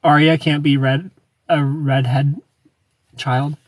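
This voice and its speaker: A young man hosts a livestream, reading out comments and greeting viewers by name between bursts of giggling. His voice sits a little high and sounds slightly husky. The sound is dry, with the mic set a short way off. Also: little pitch movement, slow, no room sound, distant mic. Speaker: livestream host.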